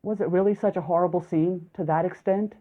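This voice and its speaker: A calm, measured male village doctor asks his questions slowly in an audiobook, read by a woman slightly lower than her usual voice. The sound is thin and tinny, like a phone line. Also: close to an everyday voice.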